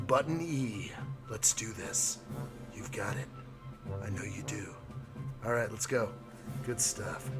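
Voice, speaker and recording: A man's voice: on the low side, animated, slow, long pauses, music in the background. A man hosting a casual live stream, joking around and reading viewer chat aloud. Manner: playful, jokey, reads chat aloud.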